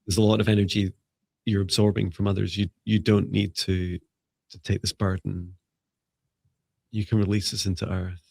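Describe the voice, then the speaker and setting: A man leading a live spiritual energy healing, speaking in a soft, slow, meditative way with pauses. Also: fairly low pitch, little pitch movement, creaky, breathy edge, no echo. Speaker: psychic healer.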